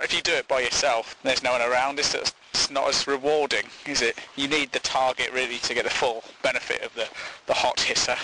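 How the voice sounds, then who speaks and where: A man's voice: medium pitch, background noise. A man hosting a podcast, rambling through a crude comic monologue and laughing at his own jokes. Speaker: podcast host.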